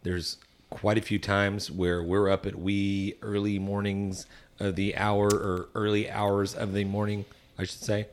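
A man's voice: on the low side, flat delivery, measured pace. A man co-hosting a casual podcast, rambling and joking with lots of fillers as he reviews a beer. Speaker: podcast co-host, barbecue team member.

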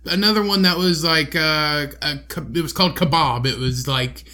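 Podcast co-host, young man, high and bright, profane and animated storyteller. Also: normal speed. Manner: profane, animated retelling with quoted voices. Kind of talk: casual storytelling chat.

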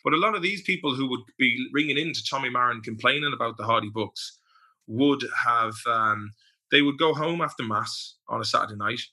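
A man's voice: medium pitch, fairly quick, pushed and bright. An Irish man, a podcast guest, telling stories in casual chat, swearing and acting out quotes. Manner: storytelling, profane, with acted-out quotes.

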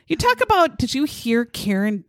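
A woman's voice: sits high, big pitch swings, moderate pace, no echo, clean studio sound. A woman telling a story in casual chat, sarcastic and profane, mocking the people in it.

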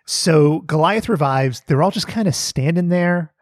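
A man co-hosting a podcast, recapping a cartoon episode in animated, joking chat, swearing and laughing often. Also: on the high side, measured pace, dry recording, clean studio sound. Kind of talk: casual comedic chat.

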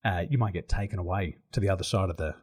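A middle-aged Australian man telling stories as an interview guest, animated and laughing often. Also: low voice, quick pace, husky. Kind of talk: casual interview storytelling.

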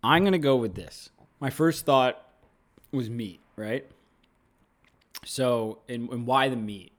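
A man co-hosting a podcast in casual chat, playful and thinking out loud with restarts. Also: mid-range voice, slow. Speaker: podcast co-host.

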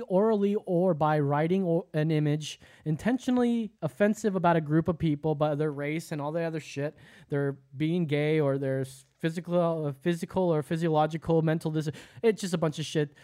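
A man's voice: fairly high pitch, a little mellow. An American man hosts a casual podcast, working through legal passages in a rambling, profane way. He trips over words and laughs at himself as he goes. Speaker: podcast host. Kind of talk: casual podcast chat, reading out laws.

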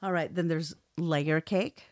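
A woman co-hosting a podcast who reads listener emails aloud in a plain, steady way and laughs often. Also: low voice, measured pace, no echo, studio quality. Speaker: podcast co-host.

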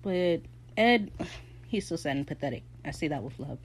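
A young woman giving a casual, excitable episode recap, swearing freely and laughing often. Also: deep voice, moderate pace, slight background noise. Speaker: show recap host.

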